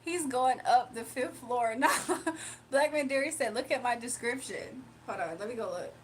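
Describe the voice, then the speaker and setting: A woman's voice: on the high side, moderate pace, a little hiss or hum. A woman hosting a casual live stream, reading chat comments aloud and laughing often. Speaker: livestream host.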